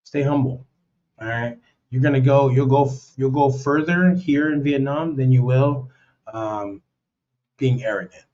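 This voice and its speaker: An unhurried American man with a darkish, mid-range voice hosts a casual, blunt advice monologue full of slang. He leans on "man" and "you know" and acts out the voices he quotes, all captured in dull lo-fi sound.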